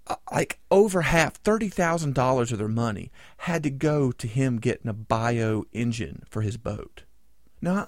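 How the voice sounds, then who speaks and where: A man co-hosting a podcast, telling a story in an animated, indignant way. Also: medium pitch, no echo, studio quality. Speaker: podcast co-host. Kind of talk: casual chat.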